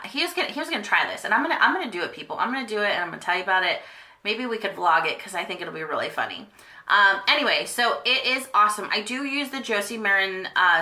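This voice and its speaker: A woman's voice: medium pitch, bright, forceful tone, echoey room. A young woman in a casual beauty vlog, chatting about her favorite products with lots of fillers and gushing. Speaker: beauty vlogger. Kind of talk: casual monthly favorites chat.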